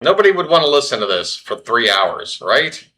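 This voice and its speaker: A man's voice: medium pitch, very animated, normal speed, sharp tone. Flustered man doing casual play-by-play. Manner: flustered, self-deprecating, talks to himself. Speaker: baseball stream host.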